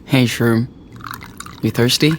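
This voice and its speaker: A man's voice: mid-range voice, fairly even intonation, slow pace, a little hiss or hum, lightly acted. An actor playing a worn-out teenage boy looking after his little brother, in a muttered, tired inner monologue for a video game. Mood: gentle.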